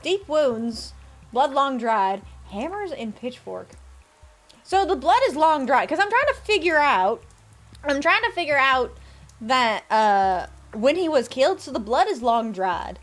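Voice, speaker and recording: A woman streams a game live, her high voice jumping around animatedly as she chats playfully with her viewers. She reads the game's lines aloud between remarks, with soft music playing underneath. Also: big pitch swings, a little slow. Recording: faint music behind.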